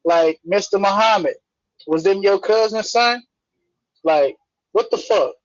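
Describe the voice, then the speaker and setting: A man's voice: sits high, unhurried, dry recording. A man reading spoken word poetry on a livestream, blunt and rhythmic. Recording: dry, dull lo-fi stream audio.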